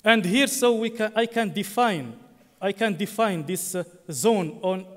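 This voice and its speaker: High-voiced man presenting in an echoing hall. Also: a bit bright. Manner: halting, frequent fillers and self-corrections. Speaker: conference presenter. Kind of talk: technical conference talk. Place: conference hall. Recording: long hall reverb.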